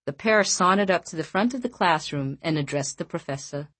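A woman narrating a novel as an audiobook in measured, even storytelling. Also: lowish voice, dry recording. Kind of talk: scripted narration.

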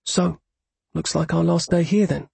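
A man voicing an affectionate but fiery young woman in an audiobook, pleading and sharp when angered. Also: fairly high pitch, steady tone, a little slow, vocal fry, breathy edge, no room sound, pitched above the performer's own voice, heavily acted. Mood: fond. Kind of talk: audiobook character voice.

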